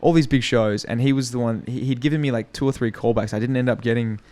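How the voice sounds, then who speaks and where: A man's voice: mid-range voice, fast. A young man from Australia with an Australian accent, a podcast guest chatting casually and swearing freely as he tells stories about acting. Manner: profane, animated storytelling. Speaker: podcast guest, actor and comedian.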